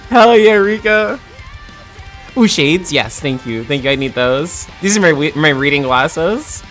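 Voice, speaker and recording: A woman's voice: low voice, sing-song, unhurried, fairly bright tone, faint music behind. A woman from New Jersey with a New Jersey accent, a little tipsy, chatting casually on a livestream, laughing often and swearing freely.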